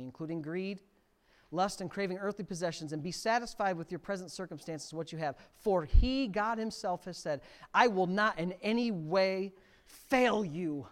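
A middle-aged male pastor preaching a sermon, swinging from quiet reading to near-shouted emphasis. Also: a little high. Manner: preaching with sudden loud rises to near shouting.

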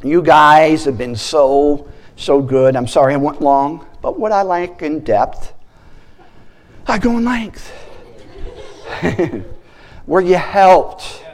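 A man preaching a sermon as a guest speaker, animated, breaking into shouted praises and acting out the voices in his stories. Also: on the high side, takes it slowly, pauses often.

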